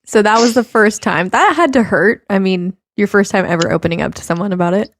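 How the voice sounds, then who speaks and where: A woman's voice: medium pitch, fairly quick, no room sound, studio quality. A woman hosting a podcast interview, laughing often and reacting with short questions. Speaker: podcast host. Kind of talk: casual interview.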